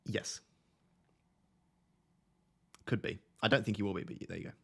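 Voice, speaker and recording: A man's voice: lowish voice, moderate pace, gravelly, slightly rough. Essex-accented man, young adult, casual livestream chat, talking to viewers, close microphone. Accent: Essex English. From Essex, England. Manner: chatty, reads and answers viewer chat. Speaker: livestream host. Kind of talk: casual live stream chat. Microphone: close desk microphone.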